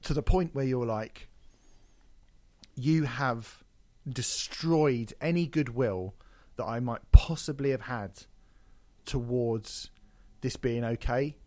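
A man co-hosting a podcast, talking in a casual, animated and mocking way with plenty of swearing. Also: medium pitch, slow, pauses often, no room sound. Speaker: podcast co-host.

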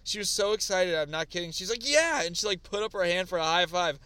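A man's voice: sits high, fast talker, clear, resonant tone, dry recording. A man co-hosting a podcast, telling stories in casual chat with lots of fillers and restarts. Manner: animated storytelling with lots of fillers. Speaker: podcast co-host.

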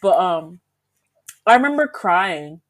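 Recounting a school story on the podcast she co-hosts, a young woman gets animated and casual, laughing while she mimics what others said. She speaks slowly, her voice on the low side.

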